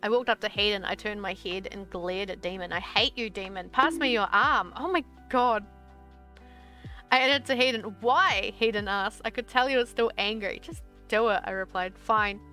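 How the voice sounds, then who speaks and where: A woman's voice: medium pitch, moderate pace, sharp tone, faint music behind. A young woman streamer reading her old story aloud, breaking off into exasperated, swearing asides.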